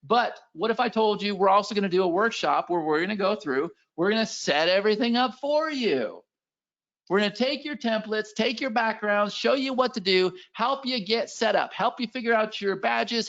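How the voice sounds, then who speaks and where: Hyped, gravelly high-voiced salesman. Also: fairly bright tone, lo-fi sound. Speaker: webinar presenter. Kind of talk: live webinar sales pitch.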